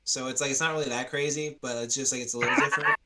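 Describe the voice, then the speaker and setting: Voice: mid-range voice, fairly even intonation, very fast, over a noisy crowd, rough recording. A game master narrating a tabletop game in a rambling, casual way full of fillers.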